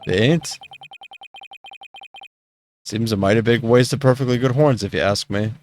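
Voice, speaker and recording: A man's voice: fairly low pitch, unhurried, a little mellow, soft background music, natural voice. Man putting on a sneaky folksy caretaker, slangy wheedling drawl, game character. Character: sly folksy male caretaker, a petty thief.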